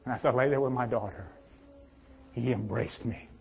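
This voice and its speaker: A middle-aged male pastor preaching a sermon, swinging between loud emphatic peaks and hushed low tones. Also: normal speed, gravelly, husky. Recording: dull reverberant hall sound.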